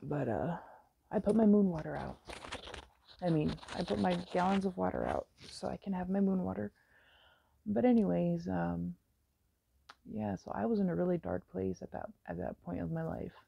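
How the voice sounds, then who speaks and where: A woman's voice: on the low side, moderate pace, creaky, mellow, breathy edge, dry recording. A woman in her thirties telling her own story in a candid, meandering way, with lots of fillers. It comes through a dull, lo-fi recording. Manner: frank and meandering, with many fillers.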